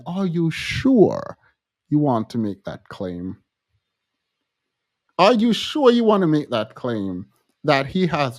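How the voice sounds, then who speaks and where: A woman's voice: lowish voice, darkish tone. A woman hosting a reaction commentary, sarcastic and exasperated, repeating phrases for effect. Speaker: commentary host.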